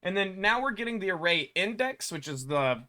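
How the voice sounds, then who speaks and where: A man walks through his game code out loud, pausing, muttering and correcting himself as he goes. His voice sits a little high and sounds bright and forward. He is recorded indoors at his computer. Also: sing-song. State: hiccuping. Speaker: game developer. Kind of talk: thinking aloud while working.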